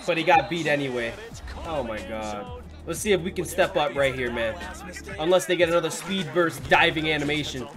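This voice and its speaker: A young man commentating his football video game play, excitable and frequently swearing and yelling at the players. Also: a little high, normal speed, music in the background. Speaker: gaming commentator.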